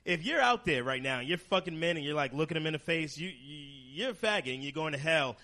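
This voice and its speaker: A man delivering a crude stand-up routine in a bright, forceful voice. He stays deadpan through shocking lines, then leaps high in sudden outbursts. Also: quick pace. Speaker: stand-up comedian. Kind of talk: stand-up comedy set.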